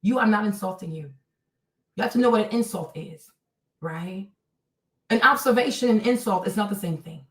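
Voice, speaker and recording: A woman's voice: mid-range voice, normal speed, long pauses, reverberant, far from the mic, poor audio. A woman livestreaming commentary, reading and answering her chat in a blunt, scolding way, repeating her points.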